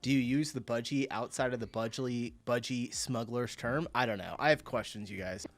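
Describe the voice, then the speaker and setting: A man's voice: medium pitch, moderate pace. A young man casually reacting to clips as host, chatty and often laughing.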